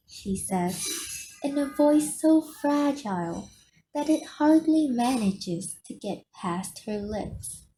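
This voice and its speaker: A woman reading a novel aloud as audiobook narration, in a soft storytelling manner. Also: mid-range voice, slow, a little hiss or hum, rough recording. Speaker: audiobook reader.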